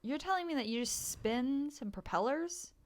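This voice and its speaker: A woman's voice: high voice, animated, normal speed. A young American woman co-hosting a podcast, joking in casual chat. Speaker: podcast co-host.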